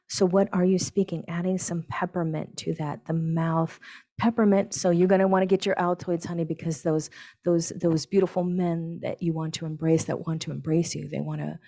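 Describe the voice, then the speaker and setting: A woman giving a spiritual astrology forecast, talking in a dramatic, sensual way with slow stretched words, whispered asides and chatty "right?" and "honey" tags. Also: fairly low pitch, steady tone, gravelly, mellow.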